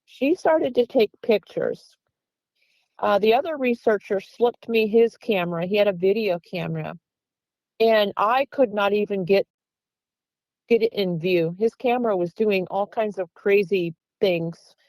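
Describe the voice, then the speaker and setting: A woman guest from Pennsylvania earnestly recounts a long encounter, acting out the quoted voices of the people involved. Her mid-range voice is unhurried with a darkish tone. The recording is rough and has no echo.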